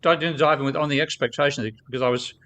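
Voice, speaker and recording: A man's voice: mid-range voice, fairly even intonation, pushed and bright. An older man with an Australian accent, a guest economist arguing his point bluntly. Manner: blunt, quick to object.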